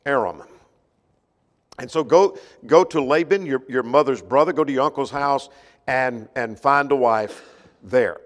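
A man's voice: mid-range voice, unhurried. A man leading a Bible study lesson who thinks aloud, restarting phrases and repeating words as he goes. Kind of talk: Bible class lecture. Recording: long reverb of a hall.

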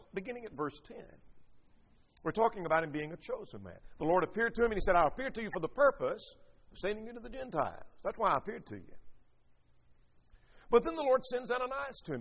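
High-voiced man preaching in a reverberant hall. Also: a bit bright. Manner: reads scripture aloud and explains it verse by verse. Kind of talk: Bible teaching sermon.

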